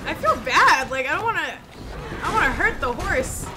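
A young woman with a high, bright-pitched voice gives excitable live commentary on a game she is playing. She squeals, gasps and shouts at what happens on screen. Loud game sound plays under her voice. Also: moderate pace, noisy background. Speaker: streamer.

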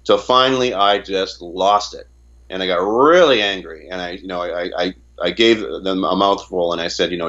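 Very deep-voiced man, halting, lo-fi. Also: lively intonation, fairly bright tone. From Canada. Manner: halting, repeats words, retells dialogue. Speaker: interview guest. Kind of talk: casual interview talk.

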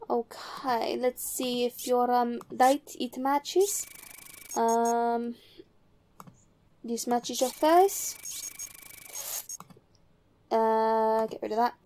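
Young woman, early twenties, casual let's-play chatter, slightly high voice. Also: slow, long pauses, a little mellow, a little hiss or hum. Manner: chatty, muttering to herself with lots of ums. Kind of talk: casual gameplay commentary.

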